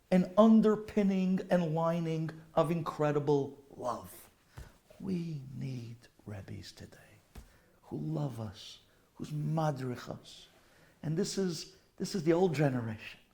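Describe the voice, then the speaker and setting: Slow, gravelly-voiced rabbi preaching. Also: male voice, fairly high pitch, warm tone. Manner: emotional, heartfelt, with Hebrew and Yiddish terms. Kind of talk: storytelling sermon.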